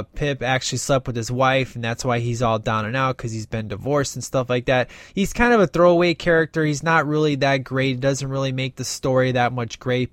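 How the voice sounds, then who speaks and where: Animated man recapping a movie, dry sound. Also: medium pitch, no echo. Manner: animated retelling, acts out quoted dialogue, many fillers. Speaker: movie reviewer. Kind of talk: casual film recap.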